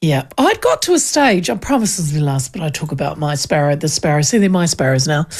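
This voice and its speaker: A woman radio host chats and tells stories with lots of movement in her voice. Her tone has a gravelly, creaky edge. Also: sits low, fairly quick. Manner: chatty, animated storytelling. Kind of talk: casual chat.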